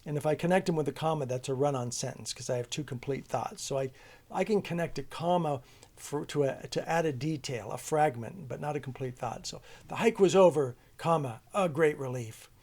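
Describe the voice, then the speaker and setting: Guy teaching commas with a hiking story, kinda high voice, chatty and rambling. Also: fairly quick, darkish tone. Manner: storytelling teacher, loose and conversational, with many restarts. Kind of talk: homeschool grammar lesson.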